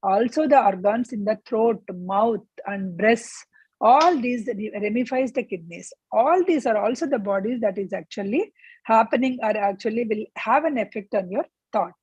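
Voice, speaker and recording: A woman with a somewhat high, breathy voice leads a spiritual book club. She reads passages aloud, then explains them and asks her listeners rhetorical questions, in a dry, close sound. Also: animated, normal speed, a little mellow, no room sound, highs cut off. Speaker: book club discussion leader.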